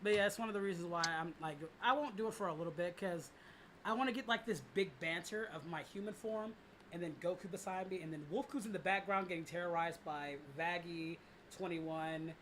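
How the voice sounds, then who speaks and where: Bright-voiced young man rambling on stream. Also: high-pitched, a little fast, slight background noise. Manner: rambling, lots of fillers and restarts, swears freely. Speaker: livestream host and voice director. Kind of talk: casual livestream chat.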